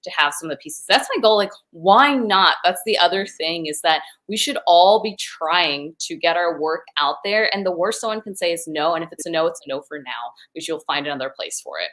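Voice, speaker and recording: An American woman with a low voice talks easily as a guest, filling her answers with little fillers. She joins over a video call from her home. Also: a little fast, hardly any pauses, low-quality recording. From United States. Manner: relaxed, talkative, many fillers. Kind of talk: casual interview chat.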